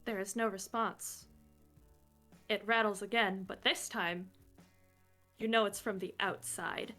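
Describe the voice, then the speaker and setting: A woman narrating a tabletop role-play game as game master, measured and descriptive. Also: medium pitch, steady tone, bright, forceful tone, soft background music.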